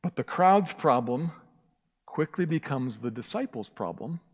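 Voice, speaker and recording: This man's voice is husky, medium-pitched, expressive and unhurried as he preaches as pastor in a church sanctuary. Impassioned and emphatic, he repeats key phrases, with the hall's reverb audible.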